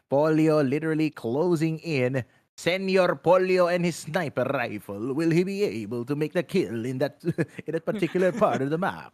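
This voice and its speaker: Man, esports play-by-play caster, excitable, jokey, fairly high voice, dry close sound. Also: no room sound. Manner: excitable, joking, rhetorical questions. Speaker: shoutcaster.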